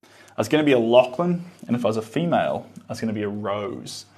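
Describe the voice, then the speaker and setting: A man's voice: fairly low pitch, quick pace. Easygoing New man painting live. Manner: relaxed, musing, murmurs to himself while painting. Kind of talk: live painting stream with chat replies.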